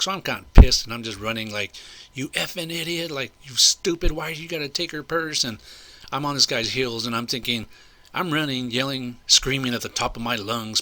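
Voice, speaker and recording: A man's voice: lowish voice, bright, forceful tone. An older man telling a story in a casual, rambling way, indignant and full of asides. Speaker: vlogger recounting a personal incident.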